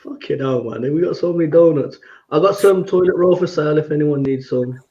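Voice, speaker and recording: A man's voice: on the high side, a little fast, dark tone, dull audio, slight background noise. A laid-back man co-hosting a casual football chat, swearing casually. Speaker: podcast co-host.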